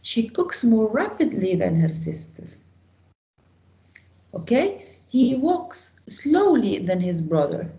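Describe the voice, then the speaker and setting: A woman's voice: on the high side, big pitch swings, slow, mellow, roomy sound, low-quality recording. A woman teaching an English grammar lesson to a class, explaining step by step and asking the students questions.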